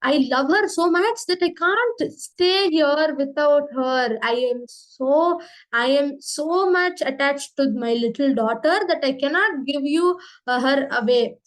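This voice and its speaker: A woman voicing a calm, loving old sage in a children's story, speaking softly and slowly. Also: high voice. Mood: tender. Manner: soft, tender, slow.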